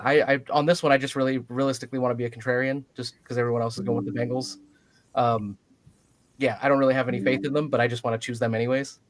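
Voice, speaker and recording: Man, sports podcast co-host, casual, joking, filler-heavy, mid pitch. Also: no echo. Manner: joking, contrarian, lots of fillers.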